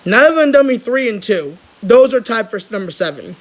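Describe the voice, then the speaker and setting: A young man chatting casually on his channel, rambling and excitable, with lots of restarts. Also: high-pitched, a little fast, low-quality recording. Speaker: vlogger. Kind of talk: casual chat.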